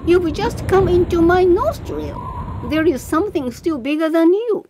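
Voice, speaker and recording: A huge male whale in a storybook grumbles in indignation, as a woman narrator puts him on. The voice stays high and swings widely. It is read slowly over background hiss. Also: big pitch swings. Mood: indignant.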